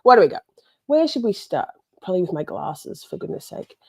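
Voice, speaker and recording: A woman's voice: fairly low pitch, sing-song, brisk, warm tone, husky, no room sound. A woman hosting a casual livestream, rambling chattily and greeting viewers by name. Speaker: livestream host.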